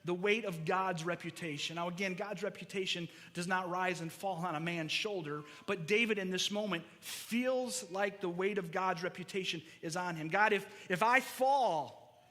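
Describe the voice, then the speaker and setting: Man, pastor, sermon, earnest, repeats words for emphasis, high voice, reverberant church hall. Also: normal speed, a bit bright.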